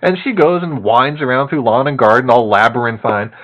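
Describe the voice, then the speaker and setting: A man casually telling a long story to a co-host, animated and laughing often, with many fillers. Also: medium pitch, brisk, highs cut off.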